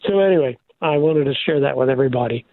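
Older pastor, gravelly voice on phone. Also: male voice, medium pitch, fast, no echo. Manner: animated, preacherly, many restarts. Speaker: pastor, radio guest. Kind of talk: devotional radio talk. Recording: tinny phone line.

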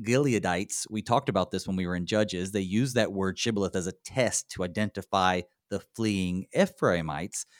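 Southern us guy hosting a bible study, lowish voice, chatty and relaxed, dry sound. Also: dry recording. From North Carolina.

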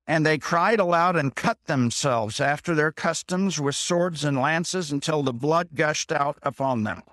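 A man's voice: fairly high pitch, a bit bright, no room sound, clean studio sound. A man reading a Bible passage aloud and stopping to explain it in plain, everyday words, repeating his points and checking in with "okay?". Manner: reads scripture slowly, stops to explain in plain words. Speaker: preacher.

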